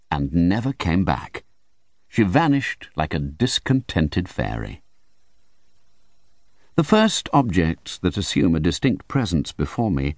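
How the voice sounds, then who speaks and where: Deep-voiced, animated male audiobook narrator. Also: dry recording. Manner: vivid, theatrical storytelling. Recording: dry close studio recording.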